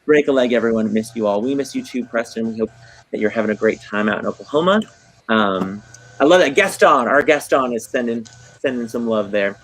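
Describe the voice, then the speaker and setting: A man's voice: medium pitch, fairly bright tone, poor audio. A man hosting a casual livestream chat for a theater, effusive and gushing, full of ums. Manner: effusive, gushing, many fillers. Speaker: theater host.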